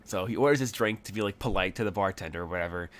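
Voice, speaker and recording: A man runs a tabletop game, narrating in a somewhat low voice. He wanders through his descriptions, full of fillers and restarts. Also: rapid-fire, a bit bright. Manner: rambling, many fillers. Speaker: game master.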